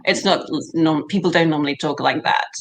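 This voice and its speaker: A woman's voice: low-pitched, a little fast. Chatty woman guest, an accent coach. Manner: warm, chatty, repeats herself while thinking. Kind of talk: casual interview chat.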